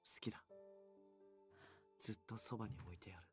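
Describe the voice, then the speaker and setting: An actor playing a blunt, gruff young male investigation partner in a voiced visual novel, with coarse, brusque speech. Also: fairly low pitch, fairly even intonation, rapid-fire, over loud music, close to an everyday voice. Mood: tender. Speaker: game character.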